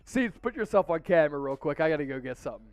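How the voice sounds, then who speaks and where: A man's voice: on the high side, expressive, fast, no echo, soft background music. A man hosting a live-stream football watch party, hyped and calling out viewers' names and super chats. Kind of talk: excited live-stream sports chat.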